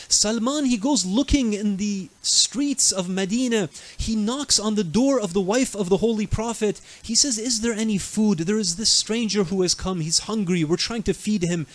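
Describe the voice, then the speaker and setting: A man's voice: sits high, normal speed, hardly any pauses. A male preacher telling a religious story in a night sermon, dramatic, acting out the people he quotes. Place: mosque.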